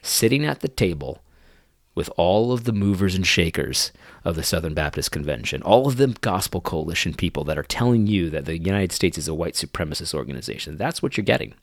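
Low gravelly man mocking a clip. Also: expressive, fairly quick, no room sound, clean studio sound. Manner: incredulous, mocking, many restarts. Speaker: commentator. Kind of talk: commentary on video clips.

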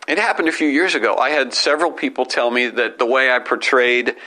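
A middle-aged man, a comedian, chatting casually on a family podcast and telling stories with quick self-corrections. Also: mid-range voice, bright, forceful tone, rough recording.

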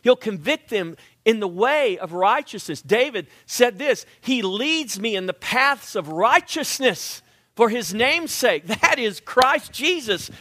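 A man preaching a sermon, animated and emphatic, sometimes dropping to a hush. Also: extremely high pitch, slow, dry recording, studio quality. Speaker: pastor.

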